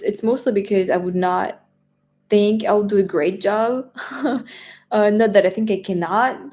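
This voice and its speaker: A woman's voice: fairly low pitch, darkish tone. A woman with a French accent, a native French speaker, hosting a casual live stream chat, reading viewer questions aloud, laughing often and restarting her sentences. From France. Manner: chatty, laughs often, repeats words and restarts.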